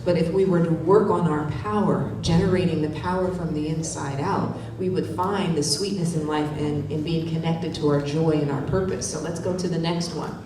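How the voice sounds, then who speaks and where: A woman with a low-sitting voice and fairly even intonation leads a wellness workshop, speaking at a moderate pace with hardly any pauses. She coaches the room and checks in with "right?" after her points. It's a live presentation in a conference hall, recorded from a distant mic in a very echoey space with faint noise.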